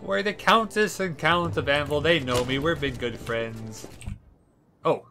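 A man's voice: fairly high pitch, measured pace. Casting: young male streamer, playful and giggly, loose gameplay chatter, game music underneath. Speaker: livestreamer. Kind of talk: casual gameplay commentary.

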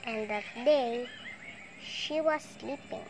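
Slow, playful woman telling a toy story. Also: on the high side. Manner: slow, playful, sing-song with excited squeals. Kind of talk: toy play storytelling with put-on voices.

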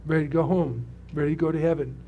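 An older man in his seventies preaches in a church sanctuary, his voice sitting a little high for a man. He tells his testimony in a loose, conversational way and keeps asking the congregation questions. A faint hum runs underneath the recording. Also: fairly even intonation, fast talker, phone-quality sound. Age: 70s. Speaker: pastor. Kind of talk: sermon with personal testimony.

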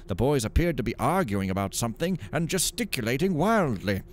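A man's voice: mid-range voice, very animated, a little fast. A man with a mid-range voice plays through a game, joking around and reading the in-game stories aloud with theatrical flair. A faint hiss of background noise sits under his voice. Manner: casual, jokey, reads stories in a dramatic storytelling voice. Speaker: gaming channel host. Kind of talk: let's play commentary reading in-game texts aloud.

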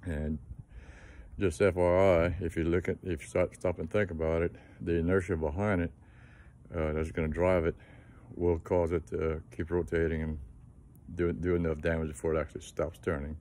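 Low, flat-voiced plainspoken man. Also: normal speed. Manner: plainspoken, folksy, trailing fillers. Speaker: engine mechanic giving a tip. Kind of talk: casual how-to talk to camera.

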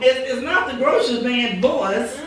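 A woman's voice: high voice, expressive, normal speed, background noise. A woman pastor preaching a sermon with fervent, repetitive phrasing and rhetorical quotes, heard in a church sanctuary. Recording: echoey church recording from far off.

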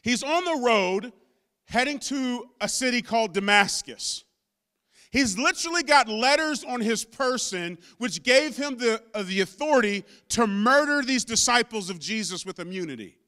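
A man pastor preaching a sermon with impassioned delivery that climbs into shouts. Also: very high voice, animated, normal speed. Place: church sanctuary.

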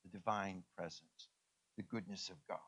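A male pastor preaching a sermon, animated, acting out voices and dropping to soft, low tones. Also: normal speed, husky. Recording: dull lo-fi sound.

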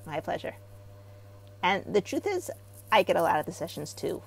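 A middle-aged woman from Israel, a therapy practitioner talking as an interview guest. She tells stories with animation and gets loud when she acts out what people say. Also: fairly low pitch, moderate pace, vocal fry, breathy edge, low-quality recording. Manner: animated storyteller, rising loud when acting out quotes. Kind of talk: casual interview talk.

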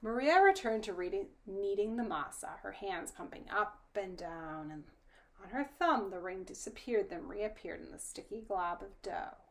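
Woman reading a storybook softly. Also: mid-range voice, expressive, moderate pace. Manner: soft, often whispered narration. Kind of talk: storybook read-aloud.

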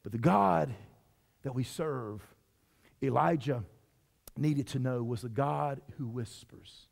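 A male lead pastor preaching in a church, his somewhat high voice carrying a gravelly edge. He talks loud by habit, then drops to near-whispers. His words ring with the long reverb of a church hall. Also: expressive, normal speed. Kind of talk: sermon. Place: church sanctuary.

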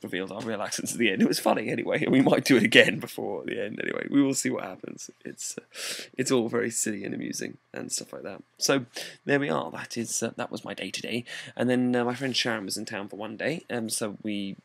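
A man's voice: medium pitch, fast, creaky, fairly bright tone, breathy edge, dry recording. A tired British man rambling chattily through a casual video diary about his day as a street performer. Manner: rambling, chatty, filler-heavy.

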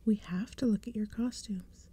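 A hobbling, grinning old man, whispered by a woman reading a spooky storybook. This whispered role-play is slow and breathy, with a dark, mellow tone. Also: medium pitch, close to an everyday voice. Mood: creepy.

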